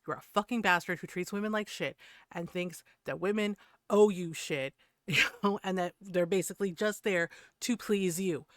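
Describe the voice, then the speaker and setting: A woman's voice: fairly low pitch, normal speed, dry recording, clean studio sound. Heated, profane woman ranting on stream. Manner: heated, profane, laughing between points. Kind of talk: casual rant to stream chat.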